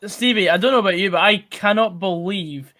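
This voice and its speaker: A man's voice: high-pitched, fairly quick, sharp tone. A Scottish man co-hosting a live football watch-along, reading out viewer comments and other scores. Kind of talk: casual live match chat.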